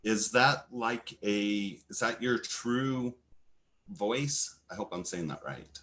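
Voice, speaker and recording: A man's voice: fairly low pitch, slow, a bit bright. A man on a live video chat, asking a question in a hesitant way and restarting his sentences. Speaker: caller.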